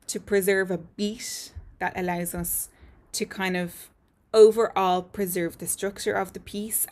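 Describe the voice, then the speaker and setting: A woman explains a lesson to her viewers in a clear, methodical way. Her voice sits a little low, and she often fills gaps with ums as she works through each point. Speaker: voice and speech teacher.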